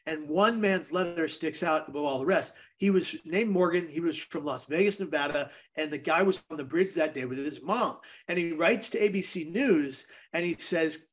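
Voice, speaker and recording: A man's voice: a little high, normal speed, hardly any pauses. A man guest on a podcast, telling a personal story in an earnest, vivid way.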